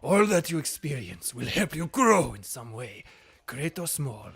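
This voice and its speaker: A man voicing a suave male professor from a video game in a put-on Spanish accent, reading the lines slowly and dramatically. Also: medium pitch, sing-song, gravelly, a bit bright, soft background music, heavily acted. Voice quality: mock Spanish accent, dramatic slow delivery. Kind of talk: game dialogue read in a put-on voice.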